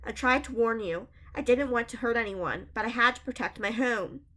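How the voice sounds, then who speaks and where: A woman reading as a hoarse, scowling homeless man. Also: a little high, normal speed, bright, forceful tone. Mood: weary. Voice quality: hoarse whisper. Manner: angry, defensive.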